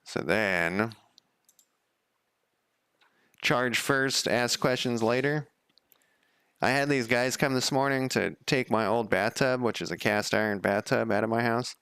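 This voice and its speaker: A man's voice: medium pitch, a little slow, fairly bright tone, smooth, no room sound. A man developing a game on a live stream, chatting casually and rambling off on tangents as he thinks aloud. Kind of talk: casual live coding chat.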